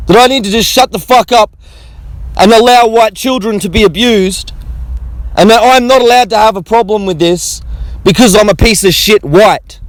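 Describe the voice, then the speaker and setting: A man's voice: high-pitched, normal speed, no room sound, low-quality recording. A man delivering an angry, profane monologue to his audience. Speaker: vlogger. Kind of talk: monologue to camera.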